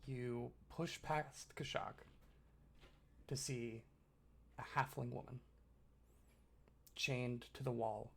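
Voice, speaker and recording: A man narrating a tabletop game as game master, loose and casual with frequent fillers. His mid-pitched voice has a gravelly, creaky texture. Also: fairly even intonation, slow, pauses often, fairly bright tone.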